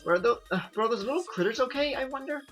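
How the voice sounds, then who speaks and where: A man squeaking out a bubbly, nervous teen girl. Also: animated, quick pace, fairly bright tone, faint music behind, low-quality recording. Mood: chirpy. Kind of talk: reading game dialogue aloud.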